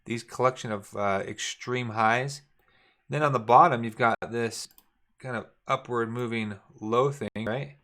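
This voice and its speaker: Middle-aged male trading instructor, easygoing, repeats key points, mid pitch. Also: unhurried, a bit bright. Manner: casual, repetitive, talks while drawing charts. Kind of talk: screen-share trading lesson.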